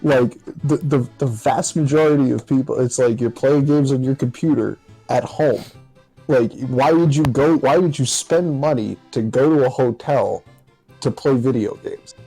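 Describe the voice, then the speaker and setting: Mellow man rambling in casual chat. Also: mid-range voice, normal speed, slightly rough, no room sound, soft background music, rough recording. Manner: rambling, lots of "like". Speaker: podcast co-host.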